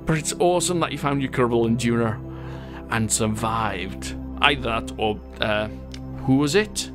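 A man's voice: mid-range voice, normal speed, music in the background. A man giving casual, chatty gameplay commentary, laughing often as he reads viewer comments. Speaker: gaming channel host.

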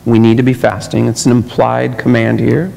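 A man's voice: medium pitch, flat delivery, moderate pace, creaky, warm tone, slight background noise. A man preaching a sermon as pastor, talking casually to the congregation and mimicking hypocrites in mocking voices. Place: church sanctuary. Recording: long church hall reverb.

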